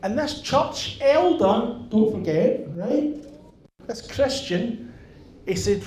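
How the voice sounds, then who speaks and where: A man's voice: high-pitched, takes it slowly, a little hiss or hum. A middle-aged man with a Northern Irish accent doing stand-up, telling a long story and tagging his lines with "right?". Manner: animated, swearing, tags lines with "right?". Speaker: stand-up comedian. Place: theatre stage. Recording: echoey live venue with audience.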